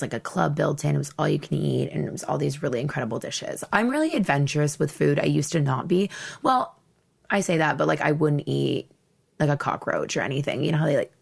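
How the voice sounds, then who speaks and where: A young woman hosts her own podcast with a low voice that often drops into a gravelly fry. She tells a personal story bluntly and theatrically, with plenty of laughter. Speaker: podcast host. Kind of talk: candid storytelling monologue.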